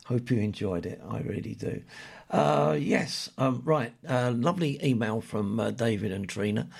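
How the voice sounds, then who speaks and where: An older man presenting a radio show, chatting and reminiscing in a rambling way with many pauses and fillers. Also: mid-range voice, vocal fry, a little mellow, breathy edge.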